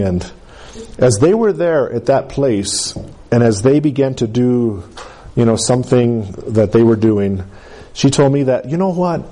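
A man preaching a sermon, telling his own testimony in an animated way, with quick asides and self-corrections. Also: medium pitch.

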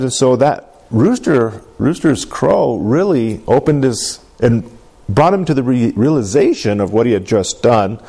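Mellow-voiced man teaching scripture. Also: medium pitch, very animated, unhurried, husky. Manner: asks the group questions, keeps adding "right?". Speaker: Bible study teacher. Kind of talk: interactive Bible lesson.

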